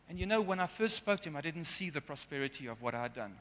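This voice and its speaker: A man's voice: a little high, expressive, quick pace, pushed and bright. A man preaching a sermon in an earnest way, sometimes getting emotional. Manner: earnest, gets emotional at times. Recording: long hall reverb.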